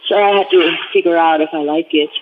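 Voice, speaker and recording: A woman's voice: sits low, fairly even intonation, brisk. A woman from Germany tells her story in a casual, chatty way, filling her sentences with "like" and "you know". Her voice comes over a thin, tinny phone line with a faint hiss behind it. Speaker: guest.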